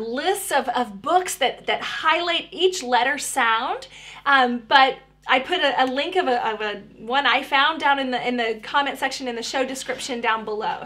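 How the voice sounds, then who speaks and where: A woman speech therapist with a high-pitched, bright, forceful voice offers parents practical tips. She's friendly and conversational, often restarting her sentences.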